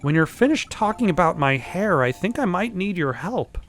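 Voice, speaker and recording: A man's voice: sits high, very animated, normal speed, fairly bright tone, a little hiss or hum, voice pushed up. A man voicing a determined young woman investigator in a video game, in his own voice, pressing with questions. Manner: persistent, questioning.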